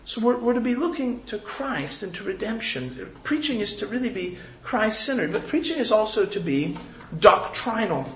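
A man's voice: high voice, sing-song, moderate pace, a bit bright, a little hiss or hum. A man delivers a sermon as a pastor, earnest and pleading, doubling back on words as he presses his point. The sound is roomy with a touch of dullness, and a faint ambience sits underneath. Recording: echoey, slightly dull room recording.

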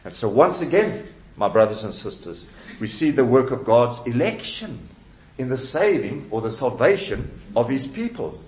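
A man's voice: mid-range voice, big pitch swings, moderate pace, a little mellow. A man preaching a sermon as pastor, emphatic and repeating key words with rising and falling delivery. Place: church. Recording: echoey church hall, dull lo-fi sound.

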